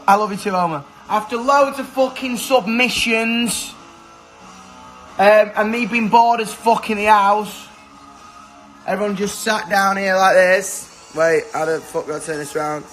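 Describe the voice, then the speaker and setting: A young man chatting casually on a phone livestream from his kitchen, excitable, swearing a lot and shouting to his friends. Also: high voice, rough recording. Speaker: musician hosting a livestream. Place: kitchen at home. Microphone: phone camera.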